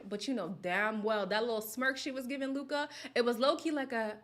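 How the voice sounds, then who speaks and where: A woman's voice: fairly high pitch, moderate pace, a bit bright. A woman casually chatting about a reality show, sassy and direct, talking straight to her viewers. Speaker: reality TV commentator. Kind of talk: casual chat.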